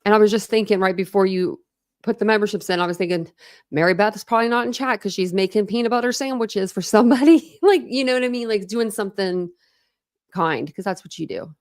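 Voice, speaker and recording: A woman's voice: mid-range voice, fast talker, no room sound, studio quality. A woman hosting a true crime livestream, chatting casually with viewers and thanking them by name, with frequent ums, laughs and stretches of reading aloud.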